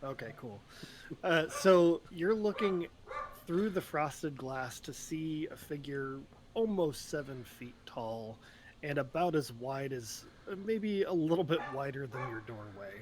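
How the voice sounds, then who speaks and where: A man narrating a tabletop role-play as game master, describing scenes in a relaxed, unhurried way. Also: on the high side, background noise.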